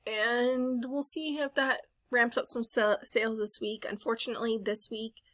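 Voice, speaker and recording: A bright, forceful woman in her thirties talks through a thrift haul as a voice-over. She rambles in a friendly way, corrects herself mid-sentence and drops fillers. The sound is dry and close, with no room around it. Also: a little high, fairly even intonation, normal speed, no room sound. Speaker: reseller vlogger. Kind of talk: casual voice-over chat.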